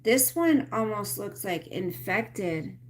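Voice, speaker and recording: A woman hosting her own livestream, talking casually to viewers in a medium-pitched voice. She rambles with plenty of fillers, and her tone runs frustrated, with some swearing. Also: expressive, takes it slowly, slight background noise. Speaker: livestream host.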